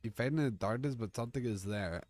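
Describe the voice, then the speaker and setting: A man's voice: medium pitch, fast, a little mellow, no echo. A man streaming, reading a text game aloud and reacting with jokes and curses. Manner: reads the story aloud and jokes and curses along.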